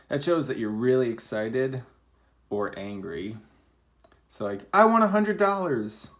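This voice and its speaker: A man's voice: lowish voice, gravelly. A man teaching a recorded reading lesson for children, patiently explaining and acting out example sentences.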